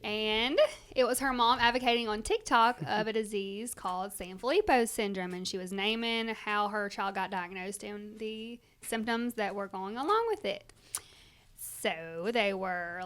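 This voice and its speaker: A woman from Louisiana with a Cajun accent, a mother telling her story to the hosts in a casual interview, emphatic and animated. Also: mid-range voice, smooth. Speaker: guest, mother.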